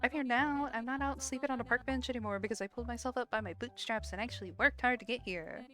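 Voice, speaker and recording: A woman's voice: fairly high pitch, fast talker, hardly any pauses, pushed and bright, faint music behind. A woman streamer playing a game, reading its text aloud and commenting casually, giggling and swearing freely.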